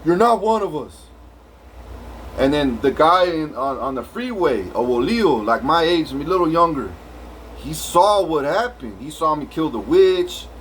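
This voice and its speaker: A man's voice: a little high, animated, moderate pace, a little hiss or hum, rough recording. A man telling a rambling story full of swearing, restarts and filler. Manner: rambling, profane, many restarts. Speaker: vlogger.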